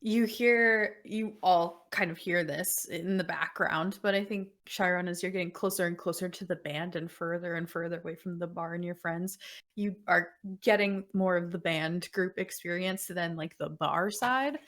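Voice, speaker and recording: A woman narrating a tabletop role-play game as game master, laid-back and quick to laugh. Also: fairly low pitch, a bit bright. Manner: laid-back, laughs often, slips into quick character lines.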